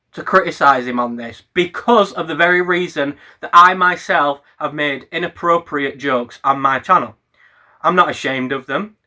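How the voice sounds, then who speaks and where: A man's voice: a little high, bright, forceful tone. A young man, a YouTuber, ranting on camera in a heated, sweary, sarcastic way. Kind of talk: ranting commentary vlog.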